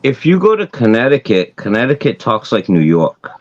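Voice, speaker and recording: A man's voice: mid-range voice, very animated, moderate pace, lo-fi sound, a little hiss or hum. A man from New Bedford with a Massachusetts accent, chatting casually on a video call, rambling and repeating himself. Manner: rambling, repeats words, swears. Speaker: guest. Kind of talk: casual chat.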